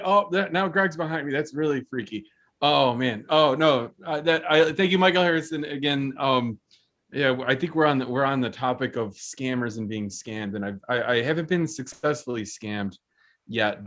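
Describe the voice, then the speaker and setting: Rambling open-mic host, man. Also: mid-range voice. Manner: rambling, relaxed, trails off and restarts. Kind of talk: casual emcee chat.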